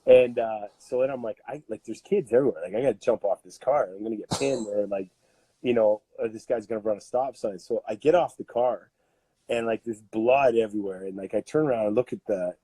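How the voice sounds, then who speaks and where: Canadian guy in his 30s, loose animated storyteller, husky, dry close mic. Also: lowish voice, fairly quick, dry recording. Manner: animated, laughing, full of fillers. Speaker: podcast guest, strength coach. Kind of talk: casual storytelling.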